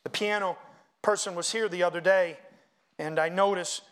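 A middle-aged male pastor preaching a sermon in a church, swinging from hushed asides to loud, chanted hymn lines. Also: high voice, fairly even intonation, moderate pace, smooth.

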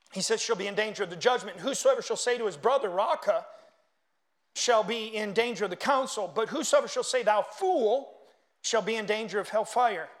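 A man preaching a sermon, reading scripture aloud and making animated asides to the congregation. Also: high voice. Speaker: pastor.

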